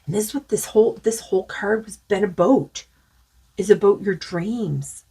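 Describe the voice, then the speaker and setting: Husky woman musing through a card reading. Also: mid-range voice, normal speed, warm tone. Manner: rambling, musing, many fillers. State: losing her voice. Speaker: tarot card reader. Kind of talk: casual spiritual card reading.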